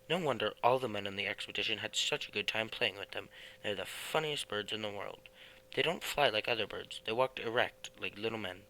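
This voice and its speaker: A man voicing an eager, dreamy middle-aged house painter in a read-aloud storybook, lively and animated. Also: on the low side, a little fast, low-quality recording.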